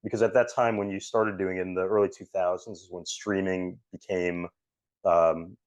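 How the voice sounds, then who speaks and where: A man's voice: deep voice, level tone, moderate pace, dry recording, highs cut off. A man hosting an interview, asking questions with many restarts and open enthusiasm for his guest. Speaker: interview host.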